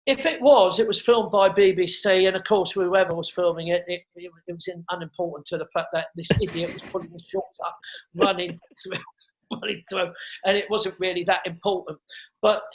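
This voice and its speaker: A middle-aged man, a comedian, telling stories in a casual interview, animated and quick to repeat words and act out what others said. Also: sits high. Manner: animated storyteller who acts out quotes and repeats words. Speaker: comedian guest. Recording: dull lo-fi sound.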